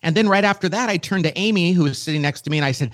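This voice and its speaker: A middle-aged man as a podcast guest, telling a story with quick, enthusiastic energy. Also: high-pitched. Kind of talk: casual conversation.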